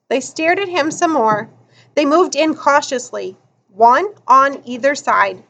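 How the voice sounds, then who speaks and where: A woman narrating a children's novel in an expressive, deliberate audiobook reading. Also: sits high.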